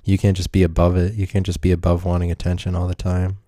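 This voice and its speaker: A man's voice: low-pitched, monotone, quick pace, dark tone, no echo, studio quality. A man hosting a podcast in a rambling solo monologue, self-mocking and profane, laughing often. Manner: profane, provocative. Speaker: podcast host.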